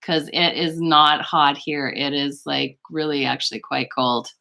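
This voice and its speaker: Low-voiced lady chatting live from her bedroom laptop, bright tone, rambly, gushy, giggles a lot. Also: steady tone, a little slow, vocal fry. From Canada. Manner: chatty, rambling, gushing, frequent little laughs. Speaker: beauty livestream host. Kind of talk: casual live chat with viewers. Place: home bedroom. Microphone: laptop microphone.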